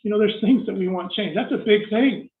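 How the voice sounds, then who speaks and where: A man's voice: high voice, fairly quick. A middle-aged man preaching a sermon in a conversational way, stopping himself mid-sentence and acting out people's reactions. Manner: conversational, self-interrupting, acts out quoted reactions. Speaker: pastor. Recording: echoey room over a tinny phone-like line.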